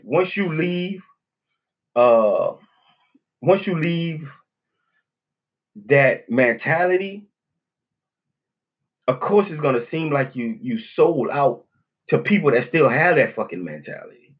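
A man with a New Orleans accent holds forth alone on his podcast, blunt, profane and rambling, tossing in "you know what I'm saying" again and again. His voice sits a little high and sounds husky. The recording is dull and lo-fi. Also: animated, takes it slowly, long pauses. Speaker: podcast host. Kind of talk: casual monologue.

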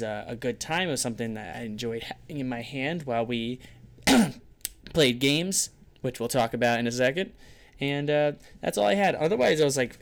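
A man co-hosting a casual livestream podcast, joking and hyping up his audience. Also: medium pitch. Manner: joking, hype-building. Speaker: podcast co-host.

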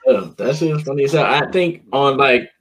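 A man's voice: mid-range voice, expressive, moderate pace, a bit bright, low-quality recording. A man hosting a podcast, chatting loosely and animatedly, swearing freely and calling people "bro". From United States. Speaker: podcast host. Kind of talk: casual chat.

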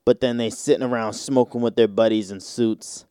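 A man's voice: medium pitch, fairly even intonation, normal speed, warm tone, clean tone, no room sound, clean studio sound. A man hosting a solo podcast, rambling in casual slang with lots of fillers. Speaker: podcast host.

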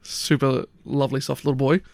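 A man's voice: mid-range voice, little pitch movement, brisk, creaky, a little mellow, no room sound, clean studio sound. A man telling a long, rambling story in casual chat, swearing often. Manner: rambling anecdote, frequent swearing and "like".

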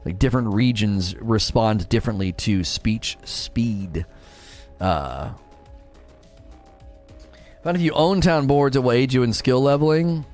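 A man's voice: unhurried, long pauses, soft background music. Chatty man streaming a game. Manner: chatty, reads chat aloud, animated swings in pitch. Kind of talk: casual live-stream chat.

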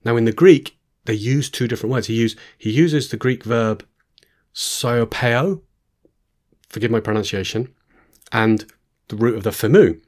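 A man's voice: fairly low pitch, fairly even intonation, normal speed, a little mellow. Man teaching from scripture. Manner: reads scripture aloud, then explains with asides and restarts. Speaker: preacher. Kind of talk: Bible teaching talk.

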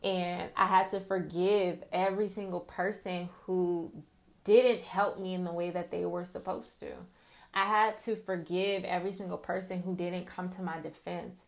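A woman's voice: lowish voice, flat delivery, normal speed. A woman talking openly and earnestly to her viewers about prayer and her faith, in a confiding, casual way. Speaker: Christian vlogger sharing testimony. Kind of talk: heartfelt casual faith talk.

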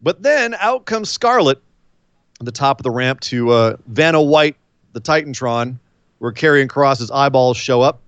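Animated man recapping wrestling. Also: mid-range voice, a little slow, smooth, dry recording, dull audio. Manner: animated storyteller, mimics wrestlers' voices. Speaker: podcast co-host. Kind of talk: casual wrestling recap chat.

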